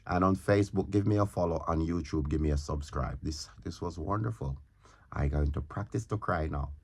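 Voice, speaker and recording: Male comedian, very deep voice, casual rambling storyteller. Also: fairly quick, creaky, a little mellow, slightly rough. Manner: rambling, repeats himself, stumbles and restarts.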